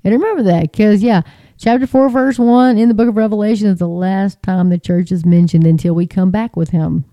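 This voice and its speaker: A woman speaks in a very dark, mellow voice, sharing her faith in a chatty, emphatic, folksy way. The sound is dry and close, with no room around it. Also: mid-range voice, fairly even intonation, fairly quick, dry recording. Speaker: Christian speaker. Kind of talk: casual testimony.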